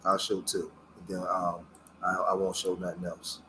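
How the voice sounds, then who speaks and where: A middle-aged man, a community activist, talks casually on his own livestream, halting and searching for words with many fillers, earnest about his past. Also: low voice, monotone, pushed and bright, slight background noise. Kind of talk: casual livestream talk while showing photos.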